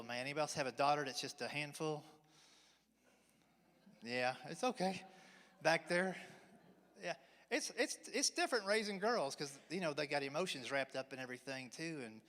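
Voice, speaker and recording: A man in his forties delivers a folksy stand-up routine with an unhurried, drawling storyteller's manner. His voice sits a little high for a man. The sound rings with the long reverb of a big church hall. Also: pushed and bright. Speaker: stand-up comedian. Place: church hall, live audience.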